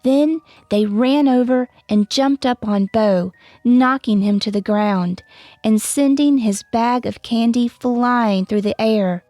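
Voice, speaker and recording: A woman narrating a children's bedtime storybook in a gentle read-aloud manner, giving the characters light voices. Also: fairly high pitch, slow pace, dry recording, faint music behind. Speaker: storyteller and author.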